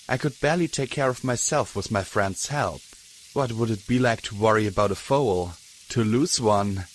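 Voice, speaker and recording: A man reading a fan audiobook in slow, measured narration. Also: on the low side, slight background noise. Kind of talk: scripted narration. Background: background music.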